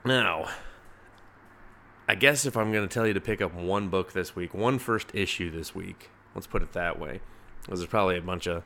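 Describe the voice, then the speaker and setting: Profane, rambling man with a lowish voice. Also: moderate pace, vocal fry, bright, forceful tone. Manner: profane, rambling, laughs at his own jokes. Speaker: comic book reviewer. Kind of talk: casual solo review podcast.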